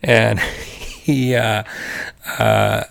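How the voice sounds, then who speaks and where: A man co-hosts a podcast in loose, chatty storytelling mode, laughing often and slipping into the voices of the people in his story. His voice has a gravelly, creaky edge. The sound is dry and close, with no room in it. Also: fairly low pitch, drawn-out words, no echo. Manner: animated, laughing, acts out quoted voices. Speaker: podcast co-host. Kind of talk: casual storytelling chat.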